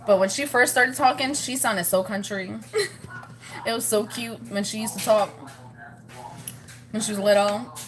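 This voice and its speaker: A woman's voice: mid-range voice, a little slow, long pauses. A woman vlogging in a rambling, chatty way, laughing often as she talks to her viewers. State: pregnant, with morning sickness. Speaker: family vlogger. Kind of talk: casual chat to camera.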